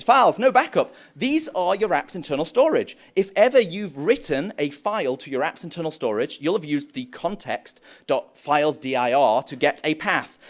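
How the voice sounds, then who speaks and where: Man, young adult, conference speaker, animated delivery, jokey, lively intonation. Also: on the high side. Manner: animated, jokey, acts out playful dialogue. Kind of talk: live tech conference talk.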